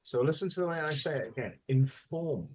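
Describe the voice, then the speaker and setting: A man's voice: fairly high pitch, rapid-fire, breathy edge. A man teaching a classroom English lesson, quizzing students on formal words and modeling the stress of each word. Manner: questioning, drills pronunciation by modeling words.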